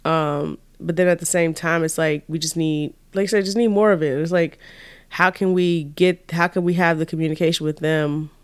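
A woman's voice: low voice, fairly even intonation, moderate pace, smooth, no room sound. A woman co-hosting a podcast in casual chat, talking freely and leaning on "like" as she thinks aloud. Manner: chatty, heavy on "like", thinks aloud. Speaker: podcast co-host.

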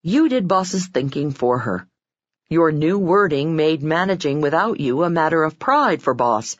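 A woman reading self-help narration from a script, expressive and acting out quoted lines with sudden pitch jumps. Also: a little slow, no room sound, dull audio. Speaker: audiobook narrator.

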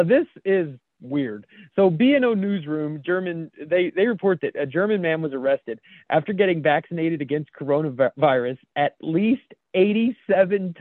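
An American man co-hosts a loose chat show, reading memes aloud and laughing at them as he goes. His voice sits a touch high. It comes through a dry, thin, phone-like call line. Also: no echo. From United States. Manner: laughs often while reading jokes aloud. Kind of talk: casual podcast chat.

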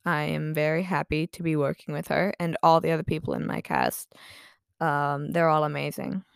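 A woman's voice: low-pitched, level tone, normal speed, vocal fry, clear, resonant tone, dry recording, clean studio sound. A woman chatting casually in a vlog, rambling and self-deprecating with lots of fillers, her voice a bit tired. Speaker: vlogger.

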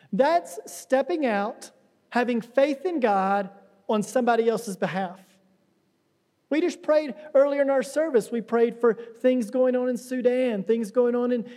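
Male pastor, chatty sermon delivery with acted-out asides, warm dark tone, echoing sanctuary. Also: very high voice, moderate pace. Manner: conversational preaching with acted-out quotes. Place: church sanctuary.

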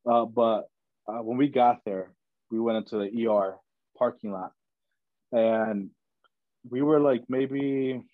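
A young podcast guest tells his story casually and loosely, dropping "man" and "bro" throughout. His medium-pitched voice goes slowly with many pauses, captured in a dull, dry, lo-fi recording.

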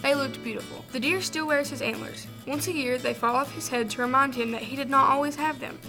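A woman reading a children's folktale aloud, in a clear and expressive storytelling voice. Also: high voice, fairly quick, over music.

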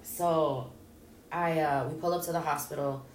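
With a low voice, fairly even intonation and an unhurried pace, a woman guest tells an emotional personal story bluntly, cursing and acting out others' words in a raw manner. There's roomy echo from a distant mic, faint ambience and a little hiss or hum.

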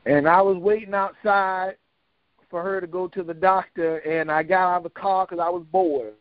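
A man's voice: high voice, steady tone, moderate pace, no echo. Folksy older man, dull lo-fi sound. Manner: folksy, colloquial, joking. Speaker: storyteller. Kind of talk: casual storytelling. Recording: dull, lo-fi dry recording.

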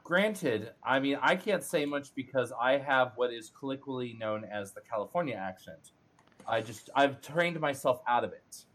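Animated man chatting on a podcast. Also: medium pitch, normal speed. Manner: animated, playful, teasing. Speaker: podcast co-host. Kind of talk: casual panel chat.

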